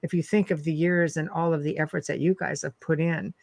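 A reflective, chatty host with a mid-pitched voice muses and asks questions, laughing easily. The sound is dry and close, with no room echo. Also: steady tone, fairly quick, vocal fry, darkish tone. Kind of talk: interview, casual chat.

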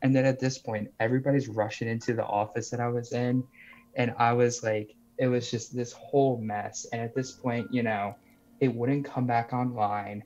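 A man's voice: mid-range voice, fairly even intonation, normal speed, darkish tone. Young man telling a story over a muffled call. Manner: rambling, heavy use of "like" and "you know". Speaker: caller sharing a story. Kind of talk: casual storytelling. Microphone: video call.

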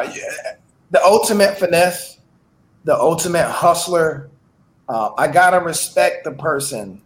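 High voiced dude bragging about hustles, swears, roomy echo. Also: male voice. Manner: laid-back, brash, swears. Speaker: entertainer. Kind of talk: casual chat. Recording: echoey room.

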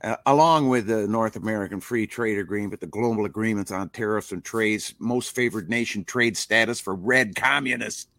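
A man's voice: on the low side, normal speed, few pauses, bright, forceful tone, dry recording. Older man preaching with folksy fervor. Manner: preachy, impassioned, folksy grammar. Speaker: interview guest, rock musician. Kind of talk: casual interview over a live stream.

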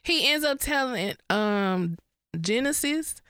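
Woman, podcast co-host, relaxed blunt chat, bright voice, dry close recording. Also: fairly high pitch, slow pace, clean tone, no room sound. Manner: relaxed, lots of agreeing murmurs, blunt slang. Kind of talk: casual gossip chat.

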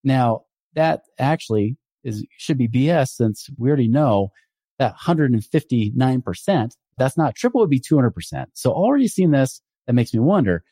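A man's voice: mid-range voice, big pitch swings, moderate pace, dark tone, no room sound, clean studio sound. A man hosting a finance show, explaining investment red flags in a casual, emphatic way and acting out the people he quotes. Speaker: podcast host and financial advisor.

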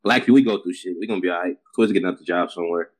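A man's voice: low-pitched, racing. A man in a casual podcast chat, blunt and joking, swearing freely.

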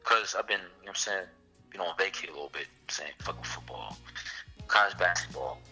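A man in a casual sports debate, talking fast and slangy and cutting in often. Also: low-pitched, pushed and bright, faint music behind, poor audio. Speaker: sports talk co-host.

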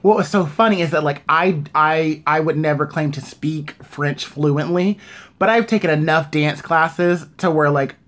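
Woman, dance teacher, casual storytelling, lots of "like"s, animated. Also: low voice, normal speed.

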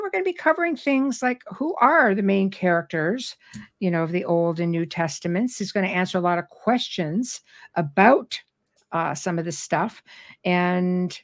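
A middle-aged woman hosting a live talk show, speaking in a robust, animated way from years of public speaking. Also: medium pitch. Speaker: host. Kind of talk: casual chat.

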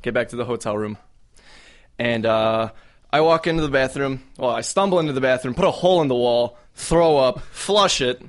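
A man's voice: mid-range voice, normal speed. A young man casually telling a profane story on a podcast, laughing as he goes. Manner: profane, laid-back, laughing through the story. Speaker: podcast co-host.

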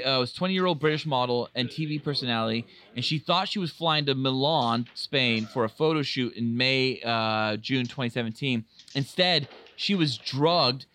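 Excitable, bright-voiced male podcast host. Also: medium pitch, a little hiss or hum. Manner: excitable, rambling, swears freely. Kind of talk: casual chat over a movie.

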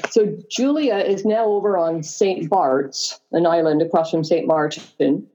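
A woman's voice: lowish voice, a little slow, mellow. A woman author reading her own novel aloud, adding casual, chatty asides between passages. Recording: dull lo-fi recording.

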